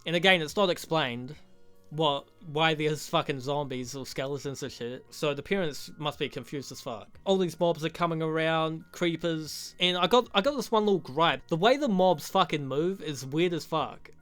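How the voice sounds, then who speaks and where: A man's voice: fairly high pitch, normal speed, fairly bright tone, clean tone, soft background music. A young man giving a rambling, profane, joking recap of a movie as a reviewer. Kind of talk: crude comedic movie recap.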